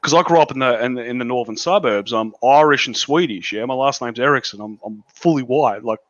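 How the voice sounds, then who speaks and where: A man's voice: medium pitch, a little fast, fairly bright tone, no echo, lo-fi sound. A young Australian man from Melbourne's northern suburbs, chatting bluntly and swearing often over a video call. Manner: blunt and sweary, laughs at his own story. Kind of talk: casual chat.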